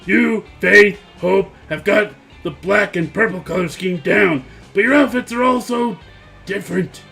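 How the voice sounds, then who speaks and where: A man's voice: high voice, vocal fry, bright, forceful tone, slightly rough, soft background music, exaggerated voice. A man voicing a bossy, self-assured young female witch with a military background, reading a visual novel aloud on stream. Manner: brisk, self-assured, pushy.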